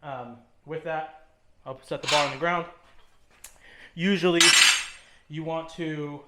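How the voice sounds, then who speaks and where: A man coaching a workout in a gym, his voice bouncing off the room around him. He sits a little high for a man and talks in short cues while he lifts, with plenty of ums between them. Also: steady tone, slow pace, reverberant, heavy background noise. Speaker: fitness trainer. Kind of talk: instructional demonstration. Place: gym, indoors.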